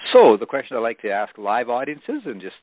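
A man's voice: mid-range voice, very animated, brisk, dry recording. A man giving a motivational business seminar for audio CD, telling stories with emphasis and frequent restarts. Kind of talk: recorded seminar talk for audio CD. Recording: dry, phone-like narrow band.

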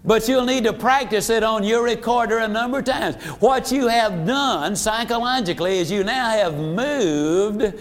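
A middle-aged man giving a motivational sales training talk, emphatic and preacherly, slowing down to stress key points. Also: sits high.

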